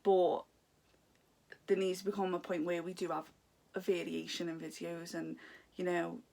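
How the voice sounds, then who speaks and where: A woman's voice: lowish voice, little pitch movement, normal speed, creaky, dark tone. A young woman vlogging at home, talking in a heartfelt, confiding, rambling way about her life. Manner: heartfelt, confiding, talks in long rambling runs. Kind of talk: candid personal vlog chat. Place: home room.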